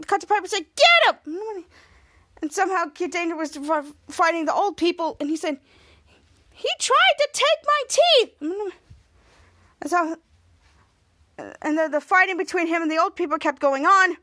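A woman's voice: very high voice, fairly even intonation, fairly quick, a bit bright. A woman podcast host casually recapping a TV episode, rambling with frequent restarts.

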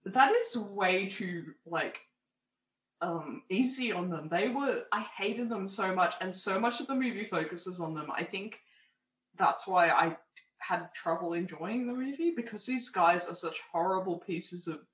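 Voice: medium pitch, lively intonation, measured pace, fairly bright tone. A young adult with an Australian accent co-hosting a casual film review chat, speaking frankly and crudely. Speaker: podcast co-host. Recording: roomy echo, faint background noise.

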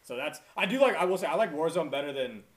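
A man's voice: fairly high pitch, lively intonation, fast. A man hosting a casual podcast, rambling with lots of fillers and casual swearing. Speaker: podcast host.

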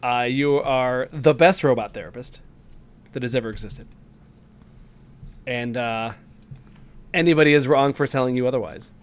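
A man co-hosting a podcast, chatting casually in a halting, rambling way with lots of fillers, sometimes acting out lines in quick voices. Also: mid-range voice, clear, resonant tone. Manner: acts out game dialogue in quick voices. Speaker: podcast co-host. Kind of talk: casual chat.

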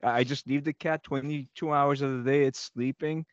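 A man's voice: mid-range voice, fairly even intonation, normal speed, dry recording, dull audio. A man co-hosting a podcast, talking in an easygoing, laid-back way. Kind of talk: casual chat.

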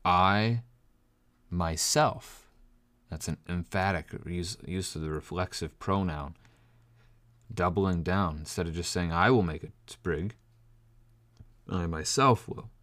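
A preacher with a very low, deep voice gives a Bible study sermon, reading verses slowly, explaining them plainly and stressing key phrases. His intonation is fairly even and his tone fairly bright, recorded close and dry with no echo.

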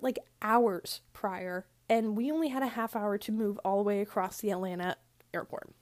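A woman's voice: mid-range voice, moderate pace, a little mellow. A young woman telling a rambling story in a casual chat style, full of fillers and asides. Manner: rambling, chatty, lots of "like" fillers. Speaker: vlogger.

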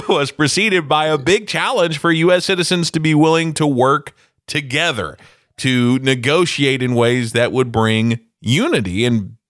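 A man's voice: a little high, fairly bright tone, dry recording, clean studio sound. A man co-hosting a podcast, talking in an upbeat, conversational way and asking guiding questions. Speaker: podcast co-host. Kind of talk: casual podcast chat.

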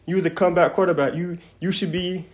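A young man hosting his own podcast, chatting casually in an animated, rambling way and swearing freely. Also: high-pitched, quick pace. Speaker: podcast host. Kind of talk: casual solo podcast chat.

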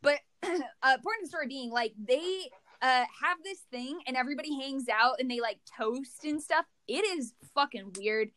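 Blunt, slangy woman, higher voice. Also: normal speed, a bit bright. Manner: blunt, slangy, laughs along. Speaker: podcast co-host. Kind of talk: casual chat.

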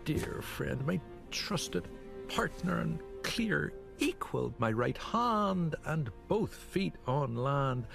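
A man's voice: fairly high pitch, big pitch swings, slow, gravelly, exaggerated voice. An actor playing a menacing, damaged villain man with a hybrid Irish and British lilt, creepy and mocking. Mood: sardonic. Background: score music.

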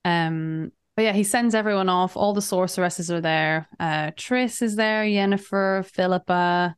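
A woman's voice: fairly low pitch, a little slow, smooth, dry recording. A woman co-hosting a podcast, recapping a game in casual, chatty talk, often laughing. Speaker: podcast co-host.

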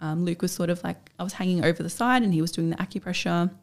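A young woman in her twenties with an Australian accent, a podcast guest telling a personal story in a chatty, animated way and acting out what people said. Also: fairly low pitch, fast talker. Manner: chatty, animated, acts out quoted speech.

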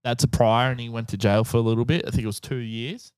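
A man's voice: medium pitch, steady tone, fast, a little mellow, clear, resonant tone, dry recording. A man with an Australian accent telling stories on a casual podcast, crude and laughing as he jokes around. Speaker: podcast co-host, storyteller.

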